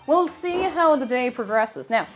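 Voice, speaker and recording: A young Irish woman with a high-sitting voice speaks animatedly at a measured pace. She chats casually on a cooking live stream from her home kitchen, reading out viewer comments with playful asides.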